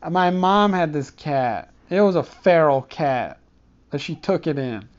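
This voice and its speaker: A man's voice: high-pitched, lively intonation, measured pace, a little mellow, smooth, dull audio. Rambling, profane man telling comic stories. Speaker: comedic storyteller. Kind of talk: rambling comic storytelling monologue. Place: dark room.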